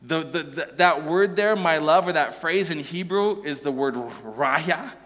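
A man preaching a sermon, animated and joking, asking the listeners question after question. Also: on the high side, unhurried, big-room sound. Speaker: pastor.

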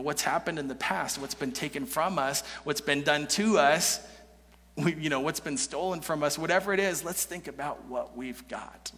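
A pastor preaching a sermon in an earnest, conversational way, swinging between loud emphasis and soft, low passages. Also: male voice. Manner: conversational, with many restarts and "you know". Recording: long hall reverb.

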